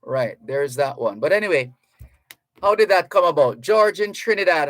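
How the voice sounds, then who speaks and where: A man's voice: a little high, lively intonation, fairly bright tone, no echo. A man from Jamaica hosting a radio talk show in a studio, chatting to listeners and reading out their messages. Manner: slow, chatty, reads listener messages aloud. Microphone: studio microphone.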